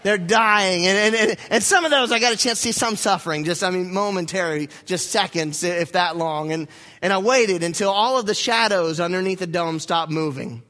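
A young man preaching, spinning a story with lively, self-mocking humor. His voice sits high and rings bright and clear. He delivers it as a sermon to his congregation. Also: moderate pace. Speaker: pastor.

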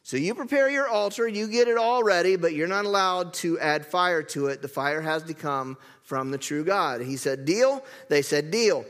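Animated man preaching in a reverberant hall. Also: on the high side, moderate pace, hardly any pauses. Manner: playful, chatty, asks the crowd questions. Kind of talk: animated sermon storytelling.

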